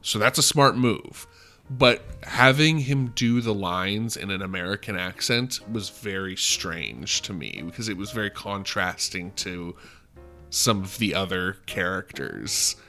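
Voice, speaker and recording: A man's voice: low voice, expressive, measured pace, pushed and bright, faint music behind. A man co-hosting a podcast in casual movie-review chat, emphatic and laughing, swearing freely. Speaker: podcast co-host.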